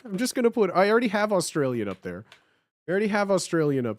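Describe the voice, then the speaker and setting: A young man hosting a live stream with a high, lively voice that jumps all over the place. He chats casually with his viewers, swearing freely and breaking into laughs. The sound is close and dry. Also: fast, dry recording. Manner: animated, swears a lot, laughs often. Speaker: livestream host.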